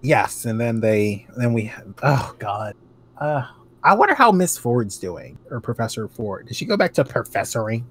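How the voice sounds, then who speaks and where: Animated ranting man. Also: mid-range voice, moderate pace, slight background noise. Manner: animated, ranting, swears freely. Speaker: podcast co-host. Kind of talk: casual chat.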